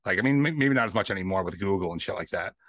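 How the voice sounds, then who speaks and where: A man's voice: sits low, animated, very fast, fairly bright tone, dry recording. A man chatting casually on a podcast, laid-back, swearing and laughing often. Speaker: podcast host.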